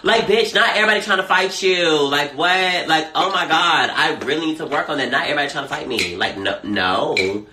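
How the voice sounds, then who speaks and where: A man chatting casually on a phone livestream, sassy and animated, swearing a lot. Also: on the high side, a little fast, few pauses. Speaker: social media personality. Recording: echoey room, faint noise.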